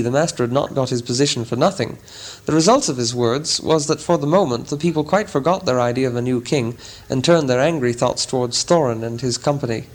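Male audiobook narrator, mid-range pitch; dramatic, deliberate reading. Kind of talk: scripted narration.

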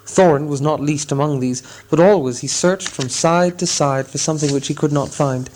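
A man narrating a storybook in a measured, expressive reading style. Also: fairly high pitch, slight background noise. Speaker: audiobook narrator.

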